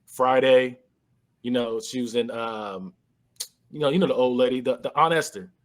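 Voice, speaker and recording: A man of medium pitch, speaking at a moderate pace, recaps a movie in a laid-back podcast chat. He narrates with energy, performing characters' lines amid laughter.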